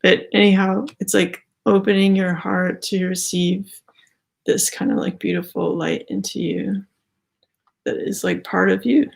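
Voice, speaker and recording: Husky with vocal fry, this tarot card reader's mid-range voice stays flat and measured. The young woman rambles through a relaxed spiritual reading, slightly breathless and saying "like" constantly.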